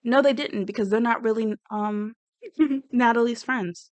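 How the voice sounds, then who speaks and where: A woman's voice: fairly high pitch, unhurried, no echo. A woman giving blunt, rambling, sassy commentary on a reality show. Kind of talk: casual reaction commentary.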